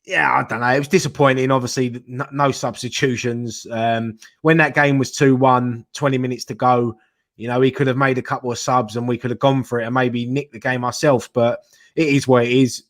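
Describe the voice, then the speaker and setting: A man's voice: mid-range voice, fairly even intonation, fairly quick, a bit bright. A man hosting a live fan chat show, joking and laughing a lot as he leads the talk. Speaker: host.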